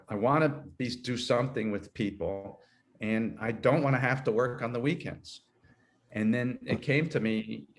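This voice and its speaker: A man in his sixties, an HR consultant, talking through his career in a rambling, self-correcting way and laughing easily. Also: lowish voice. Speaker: guest, HR consultant. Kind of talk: conversational interview.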